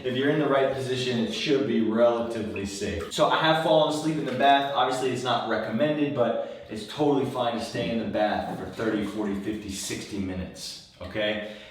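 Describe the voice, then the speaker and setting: A man, a wellness coach, giving a relaxed, conversational how-to talk from his bathtub, rambling a little and repeating words as he goes. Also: mid-range voice, a little fast, distant mic, a little hiss or hum. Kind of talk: casual instructional talk. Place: bathroom, in a bathtub. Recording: very echoey room, voice from off the mic.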